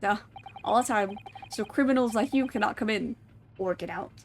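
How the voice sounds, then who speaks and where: Woman doing a gruff, curt sailor guard. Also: medium pitch, normal speed, slight background noise, lightly acted. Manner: broken clipped English, curt. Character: gruff male sailor guard, blunt and scornful.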